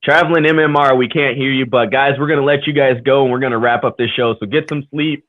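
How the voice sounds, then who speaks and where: A man co-hosting a live show in a loose, rambling way, mid-pitched and easygoing. The audio is thin and phone-like, with a dry, close sound and no room around it. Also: steady tone, fast, no room sound. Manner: loose, rambling, upbeat sign-offs. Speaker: talk show co-host. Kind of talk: casual live show chat. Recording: tinny phone-like call audio.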